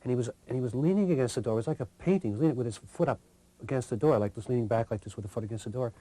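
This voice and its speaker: Rambling older man with a mellow voice. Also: medium pitch. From Canada. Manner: rambling, halting, self-interrupting. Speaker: guest musician. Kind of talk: casual storytelling.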